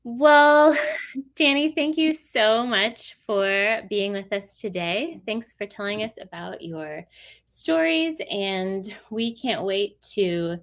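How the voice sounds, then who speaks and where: A woman's voice: mid-range voice, expressive, slow, a bit bright. A woman hosting an interview, friendly and encouraging, who laughs along with her guest. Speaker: interview host. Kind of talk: casual interview chat.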